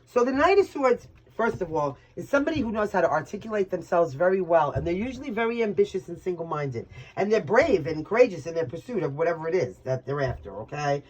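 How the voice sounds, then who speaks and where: Emotional rambling high-voiced man reading tarot. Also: big pitch swings, quick pace, hardly any pauses, low-quality recording. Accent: New York. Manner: emotional, rambling, swears casually. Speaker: tarot reader. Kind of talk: casual tarot reading monologue.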